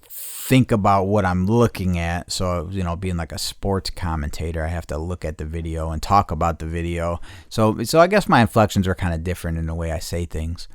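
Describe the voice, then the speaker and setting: A man hosting a casual solo podcast, rambling and profane, correcting himself mid-sentence and jumping into loud excited bursts. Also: sits low, smooth, no echo, clean studio sound. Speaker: podcast host.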